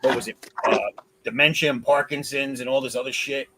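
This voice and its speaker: Man on a stream panel, middle pitch, stop-start recollections. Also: level tone, pushed and bright, poor audio. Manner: halting, repeats words as he recalls. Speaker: panelist on a livestream. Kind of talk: casual chat.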